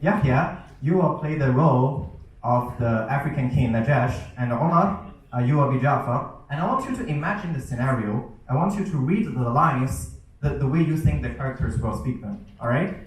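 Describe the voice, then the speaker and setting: A man's voice: medium pitch, lively intonation, moderate pace. Young man doing stand-up in an echoey hall. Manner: storytelling with acted-out student voices. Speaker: stand-up comedian and teacher. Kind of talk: stand-up comedy set. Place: event hall with a live audience. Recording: echoey hall, mic heard from a distance.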